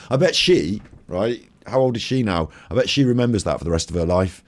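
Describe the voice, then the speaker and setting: A man's voice: fairly low pitch, expressive, fairly quick, faint music behind. A man giving crude, sarcastic commentary on old TV clips and laughing often. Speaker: host.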